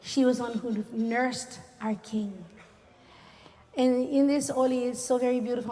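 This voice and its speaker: A woman's voice: fairly high pitch, flat delivery, measured pace. Hawaiian-accented woman sharing history, echoey. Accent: Hawaiian Pidgin-inflected English. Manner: earnest, warm-hearted, sprinkles Hawaiian words. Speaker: cultural storyteller. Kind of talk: heartfelt talk story at a community gathering. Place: community reunion event.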